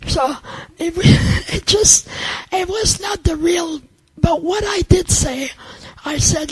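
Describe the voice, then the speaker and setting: Older woman, earnest testimony, halting delivery, high-pitched. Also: a little mellow, no room sound, poor audio. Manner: halting, earnest storytelling with many restarts. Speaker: testimony speaker. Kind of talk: personal faith testimony.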